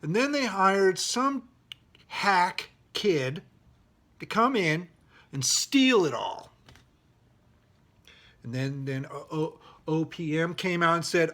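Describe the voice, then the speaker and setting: A middle-aged man telling a personal story, indignant and animated, with outraged quoted exclamations. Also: fairly high pitch, slow pace, pauses often.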